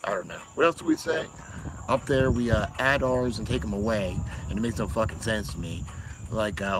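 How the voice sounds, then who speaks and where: A man's voice: on the low side, brisk, background noise. A man from Massachusetts chatting casually on a livestream, rambling and swearing, often laughing. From Massachusetts, USA. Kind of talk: casual chat.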